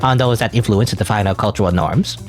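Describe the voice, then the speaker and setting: A man's voice: lowish voice, fast, faint music behind, close to an everyday voice. A man voicing a pompous game customer who speaks in theatrical, old-fashioned flourishes.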